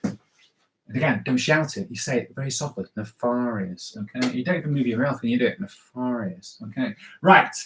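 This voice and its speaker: A man's voice: mid-range voice, fast talker, fairly bright tone, a little hiss or hum. A man leading a live drawing lesson for kids, upbeat and chatty, always checking in with "all right?". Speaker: comics drawing teacher. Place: indoors at home. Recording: roomy echo.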